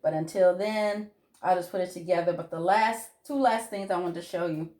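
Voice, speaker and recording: A woman's voice: lowish voice, normal speed, warm tone. A middle-aged woman talks casually in her home kitchen as she cooks. She rambles, restarts her sentences and fills the gaps with ums. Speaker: cooking vlogger. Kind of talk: casual kitchen vlog chat.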